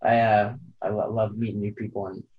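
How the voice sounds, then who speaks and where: A man's voice: fairly low pitch, level tone, fairly quick. Rambling guest, a man on a dull line. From California. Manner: rambling, hesitant, many fillers and restarts. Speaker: podcast guest, photographer and climber. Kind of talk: casual interview chat. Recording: dull lo-fi sound.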